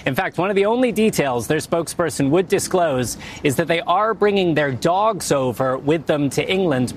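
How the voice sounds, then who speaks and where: A man's voice: fairly high pitch, a little hiss or hum. A male correspondent giving a live news report in a conversational, wry manner. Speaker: foreign correspondent.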